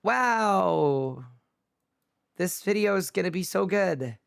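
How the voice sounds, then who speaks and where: A man's voice: sits high, expressive, moderate pace. A man streaming a game live, bantering with his chat in a playful, incredulous way. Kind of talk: casual livestream chat with viewers.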